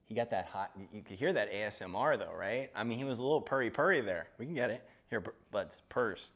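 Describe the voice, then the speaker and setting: A man's voice: fairly low pitch, lively intonation, fast, a bit bright. A man from Florida chatting casually on a gardening live stream, joking and talking to his cat as he walks around.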